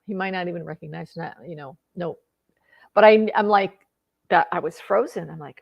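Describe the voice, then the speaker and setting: Gravelly woman telling an emotional story. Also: medium pitch, brisk, muffled recording. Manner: emotional, tearful at times, many restarts. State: tearing up. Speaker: personal growth vlogger. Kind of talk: personal storytelling.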